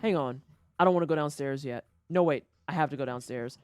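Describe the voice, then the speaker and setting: A woman's voice: low voice, a little fast, darkish tone, smooth, no room sound. A young woman streaming a game, ranting with heavy profanity and exasperation. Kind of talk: casual gameplay commentary.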